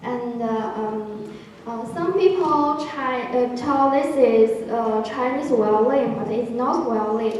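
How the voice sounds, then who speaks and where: A woman's voice: on the high side, slow pace, darkish tone, a little hiss or hum. A woman explaining an instrument to a class, hesitant with many fillers. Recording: echoey hall from far off.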